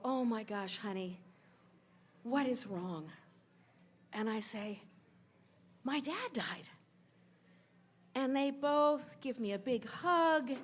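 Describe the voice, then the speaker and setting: A woman in her forties telling a true personal story on stage, emotional, rushing through some parts and slowing way down on others. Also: on the high side. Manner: emotional, quick bursts of telling with sudden slowdowns. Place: stage at a live event in a sports bar.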